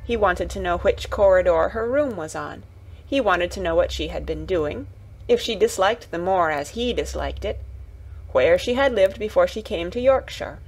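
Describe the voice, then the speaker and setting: Husky-voiced woman reading a bedtime story. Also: fairly low pitch, expressive, normal speed.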